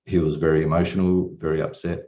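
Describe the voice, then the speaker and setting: Low-voiced man, far from mic. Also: level tone, fast talker, warm tone, a little hiss or hum. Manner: candid, rambling, swears casually. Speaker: coaching client. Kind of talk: personal story at a retreat. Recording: distant, dull room recording.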